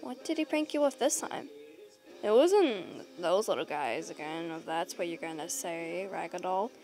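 A woman's voice: fairly low pitch, expressive, measured pace, darkish tone, soft background music, voice pushed down. A woman voicing a snarky, sarcastic male rabbit prankster in a fan audio role-play, mocking and swearing casually. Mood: teasing.

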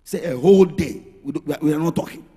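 A middle-aged pastor preaching with a raspy, gravelly voice pitched high for a man. He swings between hushed, intimate asides and full shouts. He is recorded in a reverberant hall with faint music underneath. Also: fast. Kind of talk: sermon.

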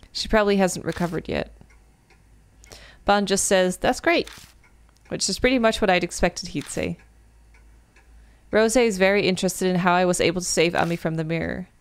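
A gaming video creator with a fairly low voice reads a visual novel aloud while playing it. She keeps breaking into loud, animated exclamations and swearing.

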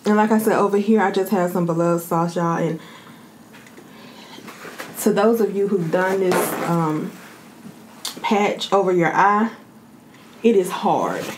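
A relaxed woman with a drawl talks to her viewers between bites, chatty and easygoing. Her voice sits a little low. Faint room ambience hums behind her close mic. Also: a little slow, long pauses, slight background noise. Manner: chatty, addresses viewers as y'all. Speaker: mukbang vlogger. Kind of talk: casual eating vlog chat.

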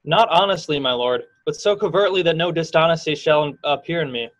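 A man's voice: fairly high pitch, brisk, close to an everyday voice. A teenage boy playing a sly, plotting henchman in a Shakespeare school play, speaking in a conspiratorial manner. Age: late teens. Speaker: student actor. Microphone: video call. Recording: muffled video-call audio.

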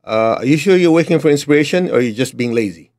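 A man's voice: medium pitch, animated, quick pace, darkish tone. A middle-aged man with a Chinese accent giving a blunt, emphatic motivational talk to his students. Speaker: motivational teacher.

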